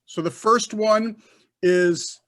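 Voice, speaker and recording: Slow-talking high-voiced man teaching Hebrew. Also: steady tone, fairly bright tone. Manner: patient, repeats and checks understanding. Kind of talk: online Hebrew class teaching.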